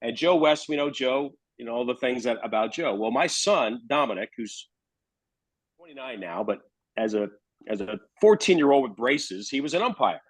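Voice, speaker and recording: A man in his fifties, a radio baseball broadcaster, telling a story at a measured, steady pace in a casual chat. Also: mid-range voice, no room sound, poor audio.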